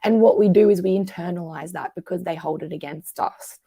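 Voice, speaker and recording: A woman, a coach talking through emotional patterns in a conversational interview, animated and acting out the voices she quotes. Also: on the low side, brisk, gravelly, husky, no room sound. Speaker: guest coach.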